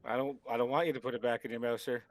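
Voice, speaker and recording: A man's voice: medium pitch, fairly even intonation, very fast, no echo. A man playing his character in a tabletop game, casual and chatty. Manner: casual, laughs a lot. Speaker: player.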